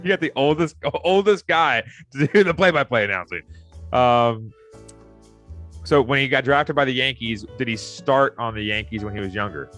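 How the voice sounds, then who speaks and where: A man with a lively, swooping voice trades teasing banter as a podcast co-host, quick to laugh. Faint music plays underneath. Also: mid-range voice. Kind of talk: casual sports chat.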